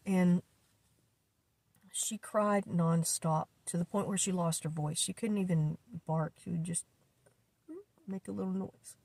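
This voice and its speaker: An older woman talking in a personal vlog, halting and emotional, with many fillers and restarts. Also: mid-range voice, darkish tone, no echo. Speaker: vlogger.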